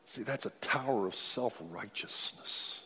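A man's voice: fairly low pitch, animated, unhurried, slightly rough. Preacher man in a reverberant hall. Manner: dynamic preaching, swings from loud declarations to near-whispers. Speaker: pastor. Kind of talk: sermon.

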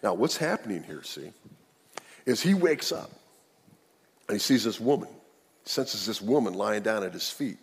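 Husky-voiced male preacher in a big hall. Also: on the low side, very animated, moderate pace, pauses often. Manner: conversational preaching, asks the listeners questions. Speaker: pastor. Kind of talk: sermon. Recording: long reverb of a large hall.

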